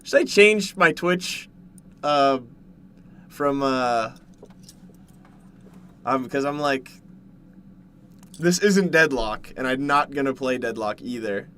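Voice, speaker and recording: A man from Canada, streaming casually from home while eating, jumping from loud yelps to low mumbles. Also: takes it slowly, pauses often, slight background noise. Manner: excitable, jumps to loud yelps then mumbles. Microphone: desk mic, no headset.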